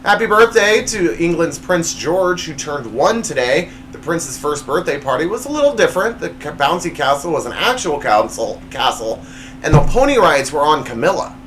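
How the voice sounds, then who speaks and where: Comedy host, male, lively pitch, bit high, noisy home recording. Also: moderate pace. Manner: jokey, reads punchlines with big pitch swings. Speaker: show host. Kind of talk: comedy monologue.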